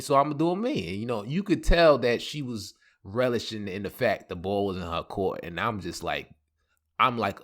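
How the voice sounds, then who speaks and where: A man tells a casual story in an animated way, laughing often and jumping his voice up high whenever he quotes other people.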